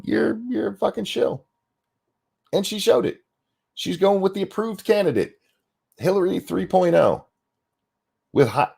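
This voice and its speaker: A man's voice: a little high, vocal fry, a little mellow. A man giving a blunt, sarcastic reaction rant, swearing freely while fighting the hiccups. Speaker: political commentary streamer.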